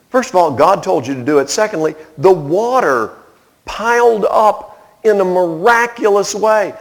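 Male pastor, sermon delivery, gravelly, slightly high, animated storyteller. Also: poor audio. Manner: animated preaching, acts out the people in the story.

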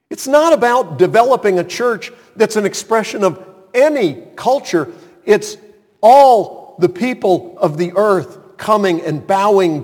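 An older male pastor delivers a chatty sermon in a notably high voice. He slips into quiet mutters to mimic doubters, and his words ring out with a long hall reverb. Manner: conversational preaching, mimics doubters in a muttering aside.

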